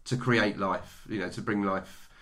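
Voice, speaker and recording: A man's voice: on the low side, steady tone, measured pace, pushed and bright. A man co-hosting a podcast, chatting enthusiastically about a film with many restarts. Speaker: podcast co-host. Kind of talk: casual film-review chat.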